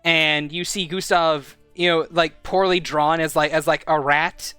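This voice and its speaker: A game master narrates scenes in a loose, rambling way, full of fillers. His voice sits a bit high, bright and crisp, recorded dry and close, with faint music behind him. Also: steady tone, a little slow, no room sound.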